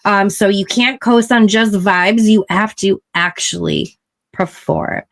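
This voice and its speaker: A woman hosting a casual chat show, explaining things in a measured way. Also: medium pitch, vocal fry. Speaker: podcast host.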